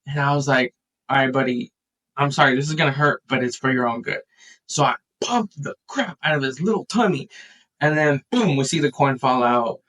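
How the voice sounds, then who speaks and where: A man in a casual podcast chat, telling a family story with lively acted-out quotes. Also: mid-range voice, moderate pace, distant mic, poor audio. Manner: animated storyteller, acts out quotes.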